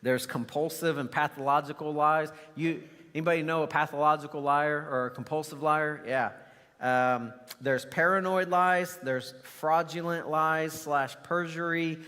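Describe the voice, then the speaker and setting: A man preaching a sermon in a relaxed, conversational way, with the odd filler word. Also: a little high, moderate pace. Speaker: pastor. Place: church sanctuary. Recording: reverberant church hall.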